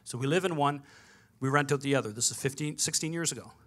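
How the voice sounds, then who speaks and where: Bright-voiced pastor telling a story. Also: male voice, mid-range voice, fast. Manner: storytelling with quoted dialogue, animated. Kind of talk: sermon.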